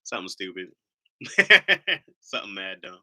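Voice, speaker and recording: A man from Ohio hosts a casual live stream, rambling from one thought to the next with jokes and loose swearing. His voice is very bright and forceful, and his pitch swings in a lively way. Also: a little slow. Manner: rambling, joking, swears freely.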